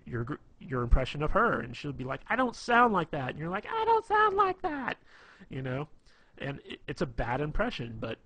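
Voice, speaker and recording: A man with a husky, slightly breathy voice at an ordinary pitch talks through tips in a loose, rambling way. He leans on fillers and restarts as if chatting with a friend. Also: fairly bright tone. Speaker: dating advice presenter. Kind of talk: casual instructional talk.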